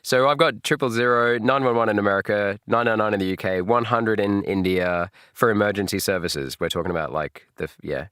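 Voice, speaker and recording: An Australian man chatting on a live reaction stream, jokey and animated and laughing often. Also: on the low side, fairly quick, hardly any pauses, clear, resonant tone, no echo, clean studio sound.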